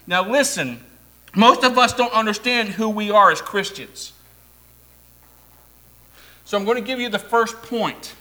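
Bright, high-voiced preaching man. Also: a little slow, long pauses. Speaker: pastor. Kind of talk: sermon.

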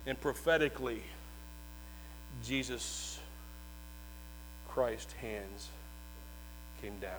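A male preacher delivering a sermon as dramatic storytelling, moving between hushed, slow passages and shouted proclamations. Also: mid-range voice, slight background noise, low-quality recording.

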